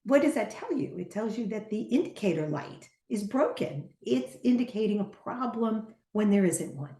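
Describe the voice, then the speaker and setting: A middle-aged woman teaching on a podcast, an animated storyteller who acts out the voices she quotes. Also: medium pitch, moderate pace. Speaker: podcast guest, teacher and trainer. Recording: echoey room.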